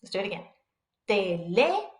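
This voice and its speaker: Slow, patient woman teaching pronunciation. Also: on the high side, very animated. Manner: slow, drilled syllables with repeated example words. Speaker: Spanish teacher. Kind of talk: beginner pronunciation lesson. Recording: echoey room.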